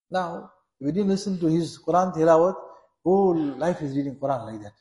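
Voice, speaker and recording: Earnest preacher with an echoing voice. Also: male voice, fairly high pitch, lively intonation, quick pace, warm tone. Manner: earnest, repetitive, exhorting. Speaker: Islamic preacher. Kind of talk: sermon. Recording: echoey room.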